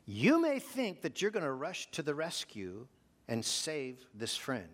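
Male pastor, sermon, lively pitch, slow deliberate delivery, rhetorical questions. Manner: animated preacher, rhetorical questions to the congregation.

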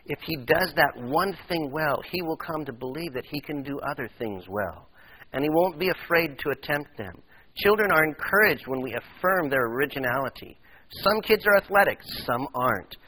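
A man preaching a sermon to his congregation, telling stories with animated voices and speaking directly to the listeners. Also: fairly high pitch, moderate pace, breathy edge, poor audio. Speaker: pastor.

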